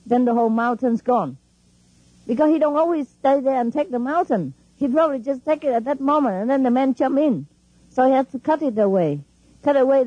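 Husky woman teacher, animated talk. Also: on the high side, no room sound, dull audio. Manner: animated and emphatic, laughing often, non-standard English grammar. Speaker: spiritual teacher. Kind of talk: informal talk to followers.

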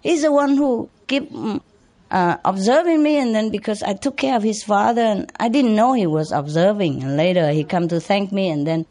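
An older woman, a spiritual teacher whose first language is Vietnamese, recalls her youth for a gathering of followers. She speaks in a chatty, unpolished way, with frequent light laughter and many fillers. Her pitch sits in a middle range. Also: lively intonation, moderate pace, a little mellow. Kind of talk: storytelling talk to followers.

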